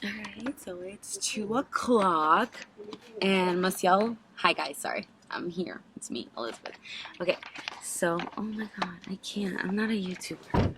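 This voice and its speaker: A woman, a friend of the vlogger, chatting to camera in a slow, self-conscious way. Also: fairly low pitch, expressive, noisy background. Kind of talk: casual vlog.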